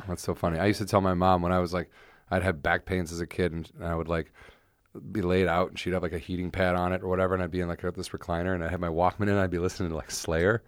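Man, low voice, casual podcast co-host, laughs and swears, dry sound. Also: little pitch movement, very fast, dry recording. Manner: laughs often, swears, acts out quoted voices. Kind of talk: casual chat.

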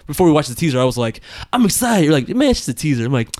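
Fast, animated man chatting excitedly. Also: mid-range voice, dry recording, clean studio sound. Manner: animated, excitable, uses slang. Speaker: co-host. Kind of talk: casual podcast chat.

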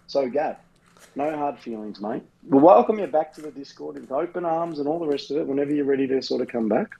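Australian male co-host, dark mellow voice, laid-back swearing banter. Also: a little high, animated, fast talker, creaky, breathy edge, lo-fi sound. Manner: rambling, swears freely, often says the co-host's name. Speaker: podcast co-host. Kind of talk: casual banter.

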